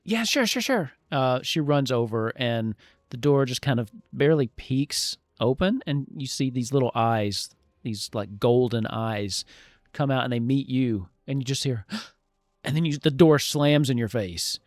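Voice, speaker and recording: A man in a mid-range voice runs a tabletop game, painting scenes slowly and wandering through his descriptions. The sound is close and dry, with no room around it. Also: mid-range voice, a little mellow, no echo. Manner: descriptive, meandering. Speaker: game master.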